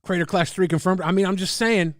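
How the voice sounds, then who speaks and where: Loud, profane man ranting to chat. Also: sits high, brisk, no room sound, clean studio sound. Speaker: streamer reading chat. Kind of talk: casual livestream rant.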